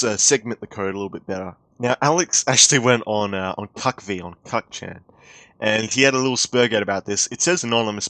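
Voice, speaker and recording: A young man rants in a heated, exasperated commentary, swearing freely. His voice sits a little low and sounds close and dry, with no room echo. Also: fairly bright tone. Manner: profane, exasperated, ranting. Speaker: YouTube commentator.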